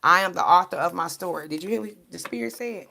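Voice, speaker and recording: A woman talks to her viewers as a tarot card reader. Her voice is gravelly and sits fairly low, and she sounds animated and preachy, laughing often and swearing freely. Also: fast talker. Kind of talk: casual spiritual pep talk to viewers.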